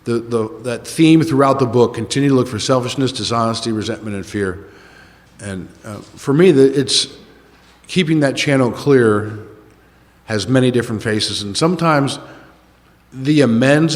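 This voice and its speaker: A man's voice: mid-range voice, moderate pace. An older man telling a rambling, self-mocking story to a recovery meeting, with many fillers. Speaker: recovery speaker. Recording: echoey hall.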